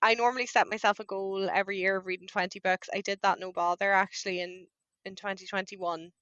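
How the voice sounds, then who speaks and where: Woman, casual podcast chat, animated, dry close recording. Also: mid-range voice, quick pace, dry recording, highs cut off. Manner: chatty, laughs often, animated retelling. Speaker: podcast co-host.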